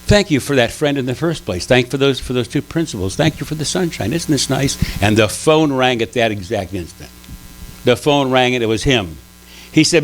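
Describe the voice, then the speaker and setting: Animated man giving a sermon. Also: medium pitch, normal speed, a little hiss or hum, low-quality recording. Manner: animated storytelling, frequent restarts. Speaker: speaker at a spiritual center. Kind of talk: conversational sermon.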